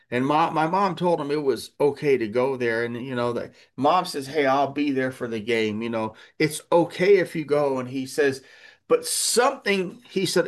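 A man preaching a sermon. He tells a story in a loose, conversational way with many restarts, then lifts his voice when he drives home a point. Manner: rises in pitch and volume when preaching a point. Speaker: pastor.

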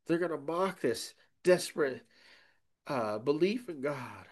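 A pastor delivering a sermon in a fairly high male voice. He preaches emphatically, turning to the congregation with "okay?" and dropping from loud points to quiet asides. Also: expressive, unhurried. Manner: emphatic, often checks in with the congregation.

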